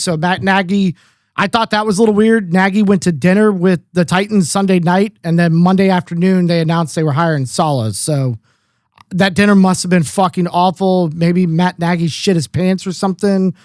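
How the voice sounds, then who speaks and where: A man's voice: high voice, no echo, studio quality. A man co-hosting a sports podcast, talking casually with lots of swearing and filler words. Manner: profane, rambling, lots of fillers. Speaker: podcast co-host.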